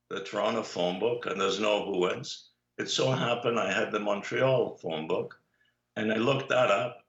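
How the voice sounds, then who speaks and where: An older man telling personal stories in an interview, unhurried and anecdotal, pausing often on "uh". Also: fairly low pitch, vocal fry, a bit bright. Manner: unhurried anecdotal storyteller, many "uh" pauses. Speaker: guest, Holocaust survivor. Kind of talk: storytelling in an interview. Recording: echoey, dull lo-fi recording.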